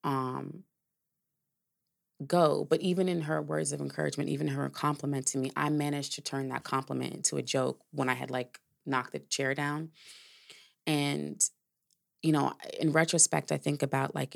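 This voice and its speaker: A woman's voice: deep voice, normal speed, gravelly. A woman hosting a podcast, telling a personal story in a candid, reflective way, with casual swearing and filler words. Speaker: podcast host.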